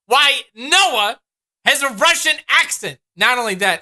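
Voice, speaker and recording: A man's voice: extremely high pitch, sing-song, takes it slowly, sharp tone. A man giving sarcastic, exasperated comedic reaction commentary as a YouTube host. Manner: sarcastic, exasperated, laughing at what he watches.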